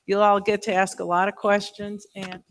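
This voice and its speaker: A woman's voice: mid-range voice, flat delivery, normal speed. A woman acting as board president, running the meeting in a procedural, directive way. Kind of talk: chairing a meeting.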